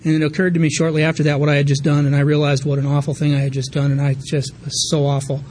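A man's voice: fairly high pitch, monotone, fast talker, darkish tone, slight background noise. A man in his thirties telling a candid, rambling personal story about getting sober, with many fillers and restarts. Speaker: recovery meeting speaker.

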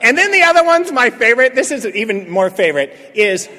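A middle-aged man telling a funny story at a recovery meeting, full of jokes and lively. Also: very high-pitched, fairly quick, a little hiss or hum. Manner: joking, animated storyteller. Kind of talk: humorous recovery talk to a live audience. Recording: echoey hall with faint crowd laughter.

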